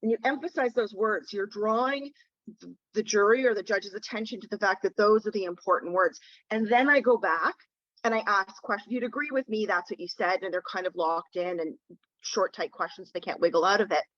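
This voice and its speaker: A woman's voice: mid-range voice, a little fast, fairly bright tone, dry recording, muffled recording. Woman lawyer teaching over phone audio. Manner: conversational, direct, emphasizing key words. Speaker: defence lawyer and co-host. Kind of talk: webinar teaching.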